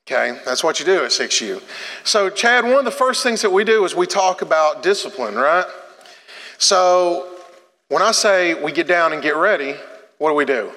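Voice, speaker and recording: A man's voice: on the high side, sharp tone, in a large hall. A man preaching a sermon to his congregation, joking and coaching people through a demonstration in a church sanctuary. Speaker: pastor.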